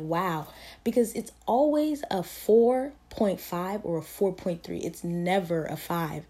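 A woman's voice: on the low side, mellow. A young woman in college hosting a casual solo podcast, rambling and self-mocking, full of fillers. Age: young adult. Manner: chatty, rambling, self-deprecating with frequent fillers. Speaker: podcast host.

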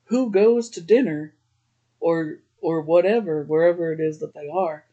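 A man's voice: fairly high pitch, unhurried, dark tone. A man hosting a podcast, casually recapping a TV episode, chatty, often laughing and using "like" a lot. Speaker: podcast host.

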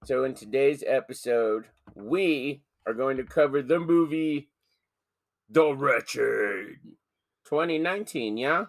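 A man's voice: mid-range voice, slow pace. A man hosting a horror podcast from home, joking around, swearing casually and laughing often. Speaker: podcast host.

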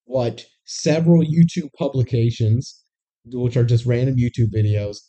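Dry, sarcastic movie recapper with a mellow voice. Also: medium pitch, fairly even intonation, normal speed, highs cut off. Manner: dry, sarcastic narration of the plot. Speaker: podcast co-host. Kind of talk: casual movie recap chat.

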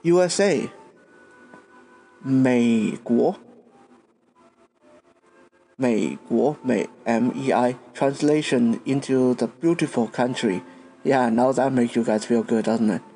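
A man's voice: medium pitch, steady tone, slow, mellow, husky, faint music behind. A man from Taiwan, a podcast host giving a patient language lesson and spelling out words letter by letter.

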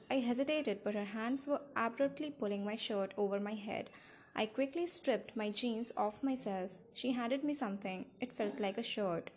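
A woman's voice: a little high, normal speed, darkish tone. Woman narrating an audiobook. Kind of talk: scripted narration.

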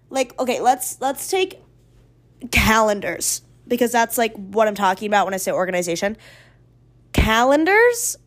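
A woman in her twenties hosting a casual solo podcast, rambling freely with plenty of swearing and playfully sing-song, oddly stressed words. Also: a little high. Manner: chatty and rambling, with frequent swearing. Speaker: podcast host.

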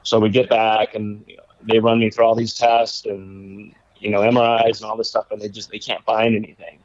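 A man, a former baseball pitcher, casually telling a rambling story in conversation, laughing now and then. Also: little pitch movement, moderate pace, no echo, muffled recording. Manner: laid-back, rambling, laughs while telling stories.

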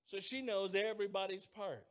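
A man with a notably high voice delivers a lively sermon. He tells homespun stories and draws on his congregation with call-and-response. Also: normal speed. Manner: folksy storytelling. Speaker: pastor.

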